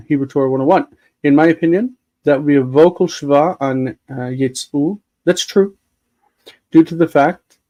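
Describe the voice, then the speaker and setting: A man's voice: fairly high pitch, dark tone, rough recording. A man hosting a live Bible-reading discussion, patiently explaining grammar with many fillers. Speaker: host and Hebrew teacher.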